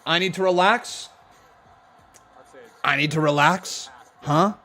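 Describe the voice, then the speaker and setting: A man hosting a live wrestling watch-along stream, talking in a jokey, excitable, self-mocking way from a home setup. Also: fairly high pitch, slow pace, faint music behind. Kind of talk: live-stream reaction commentary.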